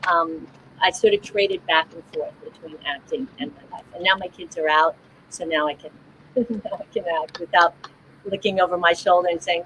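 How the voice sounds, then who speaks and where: A woman's voice: fairly low pitch, steady tone, moderate pace, a bit bright, a little hiss or hum, rough recording. A middle-aged woman actor on a panel, speaking thoughtfully and a little hesitantly over a video call. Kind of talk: casual panel chat.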